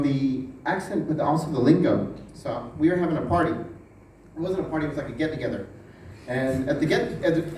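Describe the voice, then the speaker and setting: A man from the United States telling a rambling, profane stand-up story with animated delivery. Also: fairly high pitch. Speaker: stand-up comedian. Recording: roomy, distant, noisy.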